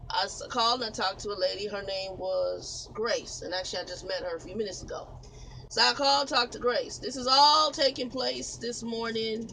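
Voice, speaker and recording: A man who drives trucks spins a long, exasperated, meandering story for the camera in front of him in his cab, laughing here and there. His voice is high-pitched, bright and forceful, and the casual vlog is roughly recorded with slight background noise.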